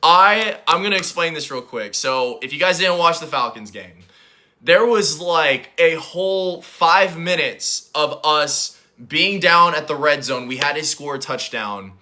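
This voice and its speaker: A young man hosting a livestream, chatting casually and rambling as he answers chat comments, his voice a little hoarse. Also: fairly high pitch, expressive, a little slow, pushed and bright. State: hoarse, voice recovering. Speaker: livestream host.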